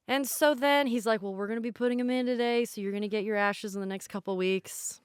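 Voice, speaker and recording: Brief: woman, thirties, podcast co-host; smooth clean tone, very dry close studio sound, rambling and self-deprecating. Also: on the high side, a little fast, few pauses, no echo. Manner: candid, rambling, self-deprecating storytelling with many restarts. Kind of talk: casual storytelling chat.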